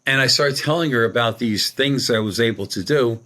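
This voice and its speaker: Brief: middle-aged male medium guest, colloquial rambling storyteller, mid-pitched. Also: a little fast, bright, forceful tone. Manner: rambling, colloquial, acts out quoted dialogue. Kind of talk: conversational storytelling.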